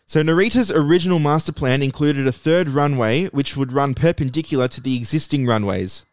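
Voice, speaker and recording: A man's voice: a little high, brisk, no echo, clean studio sound. A man co-hosting a casual podcast, explaining a topic at length and often repeating and restarting his words. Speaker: podcast co-host presenting a segment.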